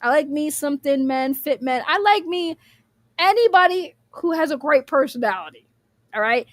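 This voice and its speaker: A woman's voice: sits high, animated, moderate pace, no room sound. A young woman, rambling bluntly in casual livestream commentary, laughing often and swearing freely.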